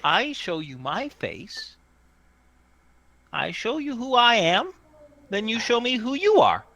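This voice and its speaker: A man's voice: very animated, slow, gravelly, sharp tone, full character voice. A man voicing a small, tinny-voiced stranger hiding in a tree who coaxes people to show their faces. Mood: coaxing. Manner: high tinny pleading voice.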